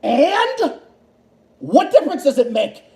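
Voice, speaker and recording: A man's voice: very high voice, expressive, moderate pace, mellow. A man hosting a livestream who rants in an angry, profane way, repeating himself over and over. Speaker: livestream host. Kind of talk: solo political rant stream. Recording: echoey room.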